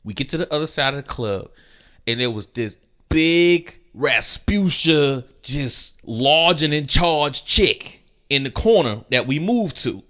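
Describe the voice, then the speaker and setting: A man's voice: on the high side, animated, a little slow, pushed and bright. A young man telling a slangy story casually and acting out quotes. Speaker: gaming storyteller. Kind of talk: casual storytelling over gameplay.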